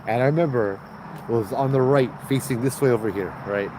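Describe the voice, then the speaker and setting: A man with a Hawaiian Pidgin accent hosting a livestream, telling a ghost story in a lively way and putting on high voices for the people in it. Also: fairly quick, background noise. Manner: animated, acts out voices in high pitch. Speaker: host telling ghost stories.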